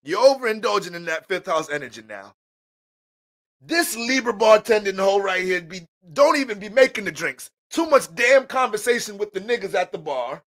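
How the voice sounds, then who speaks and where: A man's voice: big pitch swings, moderate pace, a bit bright, heavily acted. A man voicing an exasperated bar manager who curses and complains about his staff. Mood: scolding. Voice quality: high, squawking, exasperated.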